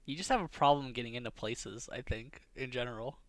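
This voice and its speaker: A man's voice: medium pitch, brisk, fairly bright tone, dry recording. A man hosting a podcast, chatting casually and teasing his co-host in a laid-back way.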